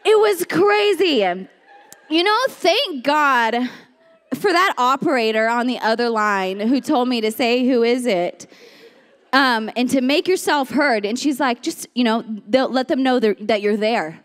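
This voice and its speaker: A young woman with a high, bright voice preaches in a lively, conversational way. She tells her story with energy and slips into different voices as she goes, talking to the congregation like friends. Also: moderate pace, big-room sound. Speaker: speaker at a women's church series. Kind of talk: animated storytelling sermon.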